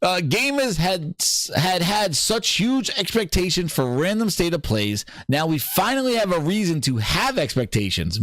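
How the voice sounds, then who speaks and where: A man's voice: a little high, dry recording, studio quality. A man hosting a gaming show, joking and exclaiming in a comedic livestream chat. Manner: animated, joking, exclaiming, laughing often.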